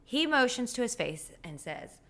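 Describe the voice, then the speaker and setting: Woman host, animated pitch swings, casual comedic storytelling. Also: normal speed. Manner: animated, sassy and self-deprecating. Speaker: podcast host.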